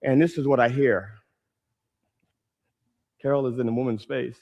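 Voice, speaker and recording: A man telling a stand-up story, animated, acting out the people in it. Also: medium pitch, moderate pace, pauses often. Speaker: stand-up comedian.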